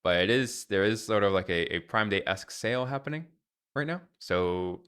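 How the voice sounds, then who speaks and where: A man's voice: on the low side, animated, normal speed, fairly bright tone, smooth. A young adult man streaming live, ranting in an exasperated way with lots of fillers and restarts.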